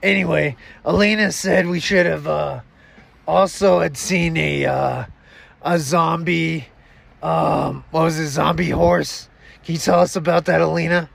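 A man hosting a goofy comedy podcast, excitable and full of slangy banter. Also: a little high, unhurried, vocal fry. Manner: excitable, says dude and bro a lot. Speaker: host.

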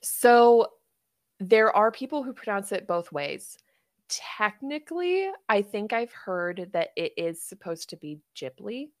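A woman's voice: mid-range voice, very animated, unhurried, dry recording, studio quality. A woman hosting a podcast in casual chat, rambling with fillers and laughing often. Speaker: podcast host.

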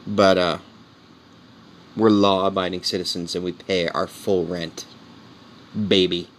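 Rambling man in his forties, low voice. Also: flat delivery, unhurried, slight background noise. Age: 40s. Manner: rambling, candid, peppers talk with "man" and "you know"; earnest and heartfelt. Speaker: comedian podcast host. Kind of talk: casual monologue.

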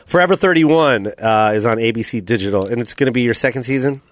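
A man's voice: mid-range voice, quick pace. A middle-aged man hosting a casual podcast, teasing his guest playfully with bursts of laughter. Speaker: podcast host.

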